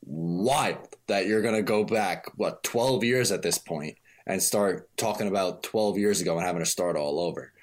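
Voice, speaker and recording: A man's voice: deep voice, moderate pace, hardly any pauses, slight background noise. A man co-hosting a casual sports podcast, venting in exasperation. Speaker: podcast co-host.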